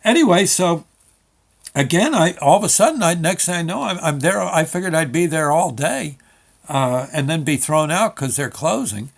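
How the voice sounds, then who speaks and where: A man's voice: fairly high pitch, animated, vocal fry. Rambling older man telling a comic story. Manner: rambling, halting, full of fillers and restarts. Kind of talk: comic monologue with quoted dialogue.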